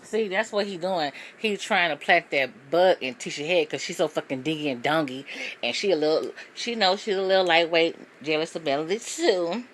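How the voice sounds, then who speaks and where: A woman's voice: on the low side, normal speed, slight background noise. A woman hosting a casual reaction commentary, blunt, profane and opinionated. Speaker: host.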